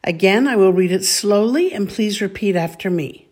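A woman teaching a call-and-response recitation lesson, saying each word deliberately so listeners can repeat after her. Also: mid-range voice, a little mellow, husky. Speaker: Bible Hebrew teacher.

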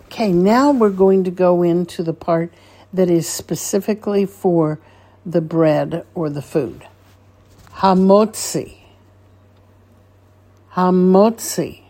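A woman's voice: lowish voice, a little slow, mellow. A woman teaching a Hebrew blessing phrase by phrase, patiently asking listeners to repeat after her. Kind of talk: slow call-and-repeat instruction.

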